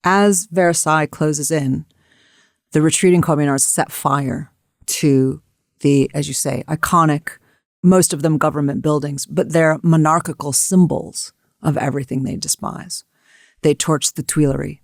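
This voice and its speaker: An American woman co-hosting a history talk, her voice gravelly with a creaky edge. She tells events in a vivid, emphatic way. The sound is close and dry. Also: low-pitched, fairly even intonation, unhurried, dry recording. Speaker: co-host. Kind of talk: history discussion.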